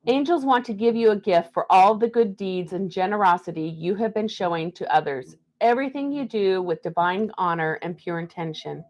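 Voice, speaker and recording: A woman's voice: medium pitch, a little mellow. A woman hosting a live stream card reading, chatting and laughing between the messages she reads aloud. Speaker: card reader.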